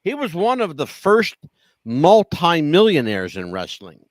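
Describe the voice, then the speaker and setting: Man, podcast co-host, emphatic rambler, lively pitch, dry recording. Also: measured pace, no echo. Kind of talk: casual wrestling talk.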